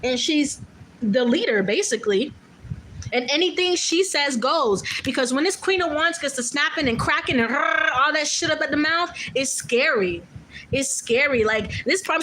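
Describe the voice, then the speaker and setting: A woman's voice: high voice, pushed and bright, slight background noise, rough recording. A woman doing a casual tarot reading, talking bluntly and loosely, with profanity and many fillers. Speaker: tarot reader.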